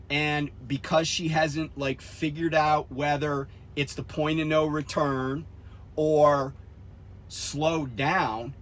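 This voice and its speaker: A man who trains truck drivers tells a story for his vlog in a hot, profane rush, bursting into shouts whenever he quotes himself. His voice sits a little high and sounds bright and pushed. The whole story comes across as an angry retelling.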